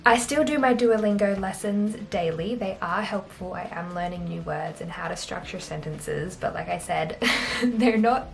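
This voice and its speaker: A woman's voice: on the low side, normal speed, creaky. A young Australian woman vlogging in a casual, chatty, self-deprecating way, laughing often. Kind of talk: casual chat to camera.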